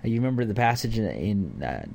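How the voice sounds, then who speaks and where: A man's voice: on the low side, very animated, fast, creaky, darkish tone, slight background noise. A man teaching a conversational Bible lesson to a church group, informal with fillers. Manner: informal, with fillers and acted-out examples.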